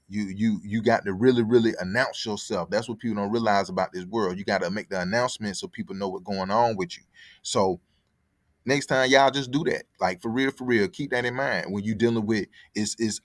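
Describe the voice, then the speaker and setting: In a fairly low voice and at a slightly fast clip, a podcast host originally from Connecticut and raised in Atlanta recounts a story full of profanity and repetition. It's a casual, rambling delivery in clean studio sound with no room echo.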